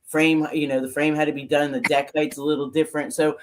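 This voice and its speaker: A woman co-hosting a live chat, telling animated, rambling stories about building motorcycles over a video call. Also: low voice, quick pace, slight background noise. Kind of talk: casual storytelling chat.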